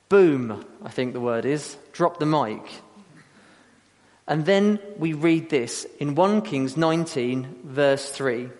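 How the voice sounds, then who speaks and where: A man's voice: on the high side, slow pace, a little mellow. A man preaching a sermon, telling a story with energy and acting out the quotes. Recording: long hall reverb.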